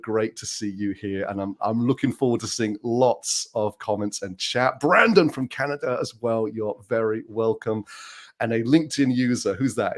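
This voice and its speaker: A British man hosting a live online panel discussion over a video call, chatty and upbeat, laughing often. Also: mid-range voice. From United Kingdom. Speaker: host.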